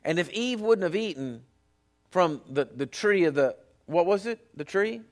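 A male pastor delivers an animated sermon. His voice sits high for a man, and he swings from hushed retelling to loud, drawn-out emphasis.

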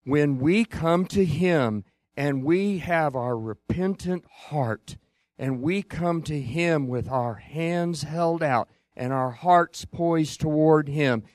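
Slow, earnest preaching man. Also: on the high side, no echo. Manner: slow, earnest preaching with long pauses and hushed emphasis. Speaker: pastor. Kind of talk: sermon.

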